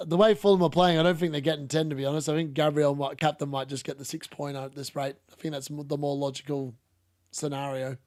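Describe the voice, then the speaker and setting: A man's voice: on the high side, fairly even intonation, fast, darkish tone, no echo, clean studio sound. A young man streaming a live football watchalong, chatting casually, laughing and reading out chat. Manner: casual, chatty, laughs often, uses "mate".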